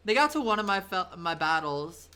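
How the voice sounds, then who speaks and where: A woman in her thirties chats on a live stream from her home setup, her voice bright and sharp. She rambles loosely through her stories, with plenty of fillers and the odd swear word, and her tone stays clean and crisp. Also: lowish voice, big pitch swings, normal speed. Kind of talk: casual storytelling on a live stream.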